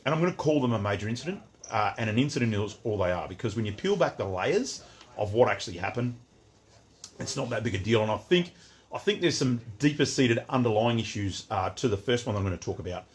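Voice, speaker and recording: A man's voice: lowish voice, expressive, fast. A middle-aged Australian man hosting a casual livestream from his outdoor shop, greeting viewers by name and ranting in a rambling, chatty way with frequent restarts. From Western Australia.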